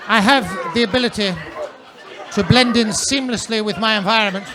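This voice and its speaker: A man's voice: high-pitched, normal speed, a crowd in the background. A male stand-up comedian performing in a comedy club with a mannered, theatrical, droll delivery into a handheld mic.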